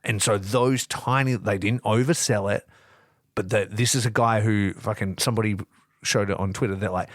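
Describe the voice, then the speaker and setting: This is casual wrestling review chat from a podcast co-host whose voice sits on the low side and moves at a normal speed. The recording is dry with clean studio sound, and he tells loose, profane stories, performing the quotes with animation.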